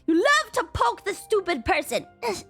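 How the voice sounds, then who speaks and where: Excitable high-voiced woman streamer. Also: moderate pace, faint music behind. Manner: excitable, swears, laughs often, yells at chat. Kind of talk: casual chat with chat.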